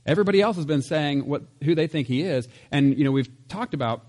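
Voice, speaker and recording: A man's voice: fairly high pitch, expressive, quick pace, a little mellow. A man preaching a casual, conversational sermon, chatty with laughs and asides. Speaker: pastor.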